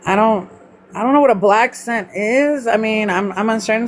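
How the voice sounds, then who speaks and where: A woman's voice: on the high side, moderate pace, slight background noise. A middle-aged woman from Mississippi with a Southern accent, blunt and chatty, swearing freely as she talks to viewers live. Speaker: livestream host. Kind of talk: casual live chat with viewers.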